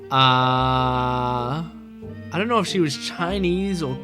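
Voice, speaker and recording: A man's voice: mid-range voice, slow pace, sharp tone, soft background music. A man casually playing a mystery game, reading its text aloud and rambling through side stories. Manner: rambling, full of fillers and restarts.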